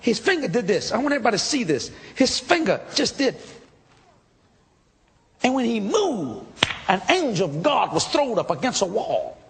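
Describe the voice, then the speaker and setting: A man preaching a testimony sermon, telling his story with excitable emphasis and sudden shouts. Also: high-pitched, normal speed, vocal fry, in a large hall, noisy background.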